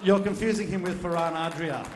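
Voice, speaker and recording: A man's voice: high-pitched, a little fast, background noise. A man hosting a live event, teasing and bantering with guests and audience. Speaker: event host. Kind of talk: emceeing a live audience show. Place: event function room. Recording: echoey event hall.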